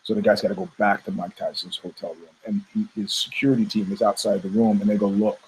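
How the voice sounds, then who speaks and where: A man's voice: fairly low pitch, fast talker, a little mellow, slight background noise, rough recording. An American man hosting a podcast, telling a long story in casual, profane style and acting out the people he quotes. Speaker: podcast host.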